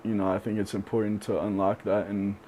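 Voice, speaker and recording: This is a young man opening up in a podcast interview. His voice sits low and mellow, and he pauses often with fillers as he thinks things through. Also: level tone, slight background noise. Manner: reflective, halting with many fillers. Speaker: podcast guest. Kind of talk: candid interview talk.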